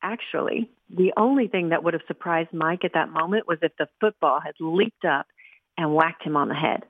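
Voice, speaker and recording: A woman radio host reading a storybook aloud in a lively, expressive way, over a dry, tinny phone-like sound. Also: low voice, moderate pace, slightly rough, no room sound.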